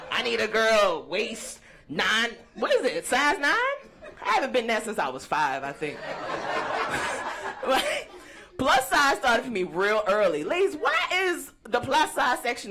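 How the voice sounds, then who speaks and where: A young woman doing a brash, profane stand-up set, teasing the crowd. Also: on the high side. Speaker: stand-up comedian. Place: comedy stage before a live audience. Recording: live stage mic with crowd laughter.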